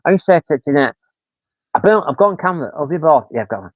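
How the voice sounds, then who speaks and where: A man's voice: on the high side, animated, fast, no echo. A man in his fifties, chatting casually as a livestream host and rambling through stories with frequent mild swearing. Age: 50s. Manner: rambling storyteller, swears casually, acts out quotes. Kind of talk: casual chat. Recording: tinny, dry phone-like sound.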